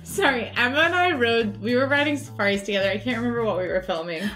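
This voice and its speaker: A woman co-host in a casual panel chat, upbeat and giving clear, practical tips. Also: on the high side, quick pace, fairly bright tone, faint music behind. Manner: upbeat, explains plans clearly.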